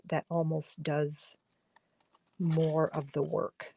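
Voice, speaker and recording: Slow, gravelly-voiced woman teaching a craft class. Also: fairly low pitch, a little mellow. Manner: chatty and instructive, talking while coloring, often drops to a murmur. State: losing her voice. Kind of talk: live-streamed craft demonstration. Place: home craft studio.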